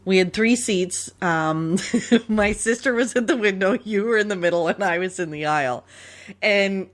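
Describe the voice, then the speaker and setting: A woman's voice: mid-range voice, moderate pace. Storytelling woman podcast host. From Canada. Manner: animated storyteller, laughs often. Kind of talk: casual storytelling chat.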